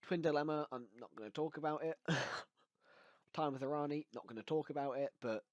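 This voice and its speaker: A man's voice: a little high, fairly quick, no room sound. Male host, casual and hesitant chat, lots of ums, dry close mic. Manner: hesitant, frequent ums, laughs often.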